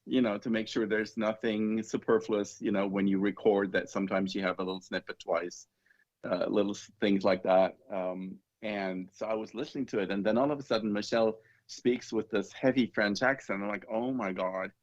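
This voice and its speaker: A man with a fairly low voice, talking as an author guest on a podcast. He rambles through long explanations, with little laughs along the way. The audio comes through dull and lo-fi. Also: steady tone, moderate pace. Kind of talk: casual interview chat.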